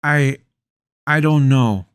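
A man's voice: mid-range voice, slow pace, clear, resonant tone, dry recording, voice pushed up, lightly acted. A man voicing a polite but cheeky schoolboy in an audiobook, with dry, sassy replies. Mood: sheepish. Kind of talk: audiobook character voice.

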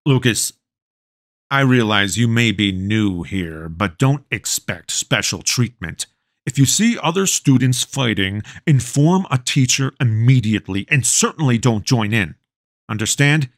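A man's voice: medium pitch, lively intonation, unhurried, dry recording, studio quality. A man voicing a strict school principal in an audiobook, clipped and lecturing. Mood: stern. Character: stern male school principal, strict and weary. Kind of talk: audiobook character voice.

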